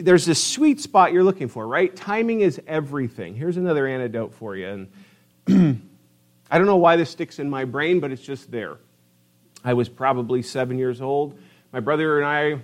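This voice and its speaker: A middle-aged man preaching a sermon in a church, telling stories and stretching out words for emphasis. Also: fairly high pitch. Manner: storytelling, emphatic drawn-out stresses. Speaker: pastor. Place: church sanctuary.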